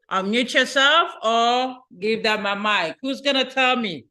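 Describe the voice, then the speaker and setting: Her voice sitting high, a woman tells a children's story in church, speaking straight to the young listeners with animated expression.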